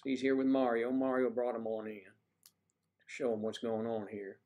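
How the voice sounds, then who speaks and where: A man's voice: medium pitch, steady tone, moderate pace, darkish tone. A man hosting a casual livestream, rambling and joking as he answers viewers' comments. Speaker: livestream host.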